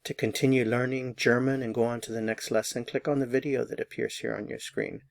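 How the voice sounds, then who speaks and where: A man teaching a language lesson, patiently explaining and slowly repeating words for learners. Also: mid-range voice, little pitch movement, vocal fry, no echo. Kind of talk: slow instructional explanation.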